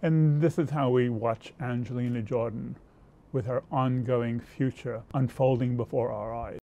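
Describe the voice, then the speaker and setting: A man hosting a music commentary, introducing performances in a calm, explanatory way. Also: mid-range voice, measured pace, highs cut off.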